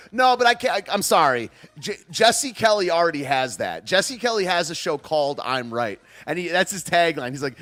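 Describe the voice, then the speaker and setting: A man's voice: a little high, big pitch swings, moderate pace, a bit bright, faint music behind. A man hosting a podcast, talking in a sarcastic, rambling way and laughing at himself. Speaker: podcast host. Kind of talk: casual political podcast rant.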